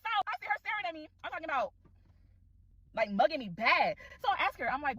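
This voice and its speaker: Fast, animated woman telling a story. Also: high-pitched, dry recording, poor audio. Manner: animated, exclaiming, addresses viewers as y'all. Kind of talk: casual storytime to camera.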